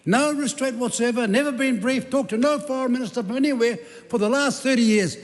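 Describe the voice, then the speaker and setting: Speaking with an extremely high pitch and a slightly fast pace, a man from New Zealand attacks opponents with sarcasm in a parliamentary debate. He is a government minister, and the recording carries the echo of the big debating chamber.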